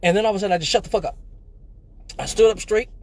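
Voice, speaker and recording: Man from Michigan, high-pitched, cussing his way through a casual live-stream story. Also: rapid-fire. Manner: profane, animated, slangy storyteller. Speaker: live show host.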